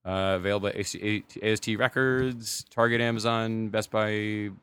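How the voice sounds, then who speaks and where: A man's voice: fairly low pitch, level tone, normal speed, a bit bright, clear, resonant tone. A man, a stand-up comedian, chatting casually on a podcast, rambling and profane.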